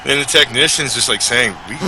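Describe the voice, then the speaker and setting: A man's voice: mid-range voice, fairly quick, background noise. A man on a video call, telling a story casually and swearing freely as he goes. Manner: profane, animated anecdote-telling. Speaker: game developer on a livestream.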